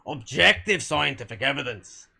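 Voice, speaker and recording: Male game streamer, casual live-stream chat, blunt, argumentative, swears a lot, restarts sentences, mid-pitched voice that swings widely. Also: lively intonation, normal speed, vocal fry, sharp tone.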